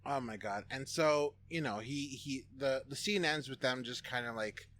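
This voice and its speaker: Bright-voiced rambling podcast host man. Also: mid-range voice, normal speed. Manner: rambling, profane, lots of "like". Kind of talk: casual movie recap chat.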